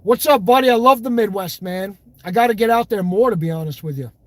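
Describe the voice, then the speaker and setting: A man's voice: sits high, a little fast, dry recording. A man hosting a livestream, reading viewer comments in blunt, profane, fiery casual talk. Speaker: livestream host.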